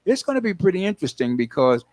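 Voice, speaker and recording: An older man hosting a radio talk show, animated and playful, acting out little scenes as he talks. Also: high voice, fast talker. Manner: lively, playful, acts out voices, frequent laughs.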